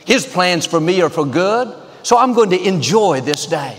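Upbeat high-voiced male pastor preaching. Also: expressive, normal speed, in a large hall. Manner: upbeat, confident preaching with repeated declarations. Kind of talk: sermon.

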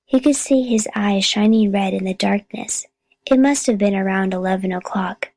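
Woman reading a chapter book, calm, slight vocal fry, dry sound. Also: medium pitch, moderate pace, dry recording, rough recording. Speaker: audiobook reader. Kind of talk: storybook narration.

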